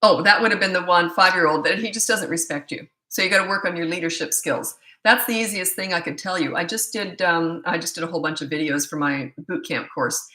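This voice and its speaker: A woman's voice: fairly low pitch, sharp tone, echoey room, poor audio. A middle-aged woman, a parenting coach, answering viewer questions on a live stream in a blunt, opinionated way. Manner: blunt and opinionated, quick asides.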